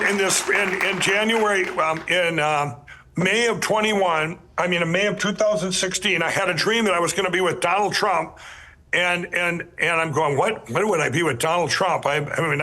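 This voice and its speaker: A man's voice: high-pitched, steady tone, normal speed, sharp tone. A man telling his life story as a podcast guest, earnest and emphatic, rambling with many restarts and repeated words. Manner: earnest, emphatic storyteller who addresses listeners directly.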